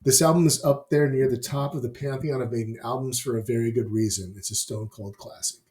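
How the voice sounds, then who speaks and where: A man's voice: mid-range voice, steady tone, brisk, a little mellow. A man hosting a music review, talking through albums with enthusiasm, profanity and wry asides. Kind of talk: opinionated album review monologue. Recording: roomy echo.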